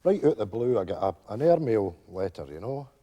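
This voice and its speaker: An old Scottish widower, a meandering storyteller who piles up fillers and asides. His voice sits low, dark and husky, but his pitch swings animatedly. It rings out on a theatre stage with a long reverb. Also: sing-song, a little fast, highs cut off. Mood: rambling fond. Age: older. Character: elderly widowed male pensioner, rambling storyteller. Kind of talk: live stage sitcom acting.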